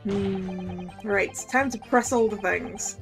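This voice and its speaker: A woman's voice: medium pitch, takes it slowly, gravelly, music in the background. A woman streamer making casual, amused asides while playing a game. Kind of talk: casual let's-play commentary.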